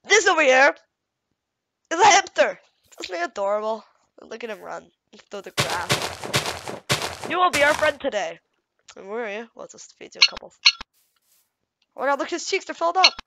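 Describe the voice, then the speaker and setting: A woman giving playful gameplay commentary on a game mod, excitable and gushing, baby-talking to her in-game pets. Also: sits high, normal speed, long pauses, very noisy. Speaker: YouTuber showing a game mod.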